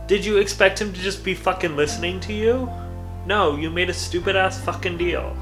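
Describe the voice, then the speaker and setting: Excitable, swearing man reacting to a book. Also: sits high, moderate pace, roomy sound, faint music behind. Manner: excitable and profane, bursts into yells and laughs. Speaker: book vlogger. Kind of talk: reading vlog reactions.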